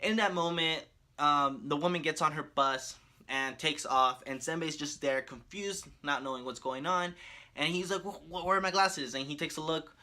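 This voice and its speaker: A man casually recapping a cartoon story as a video creator, animated and laughing often. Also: a little high, moderate pace.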